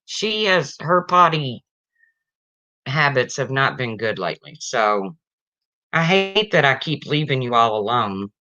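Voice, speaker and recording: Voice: mid-range voice, sing-song, measured pace. A livestream host telling jokes casually and chatting with viewers, chuckling along. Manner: chatty, chuckling, talks to chat. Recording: dull slightly lo-fi stream audio.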